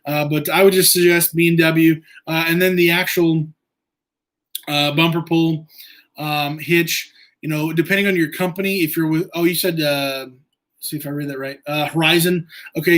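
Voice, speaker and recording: A man hosting a casual livestream, answering viewer questions in a rambling, halting way with many fillers. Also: on the high side, a bit bright. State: eye irritated from injury. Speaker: livestream host.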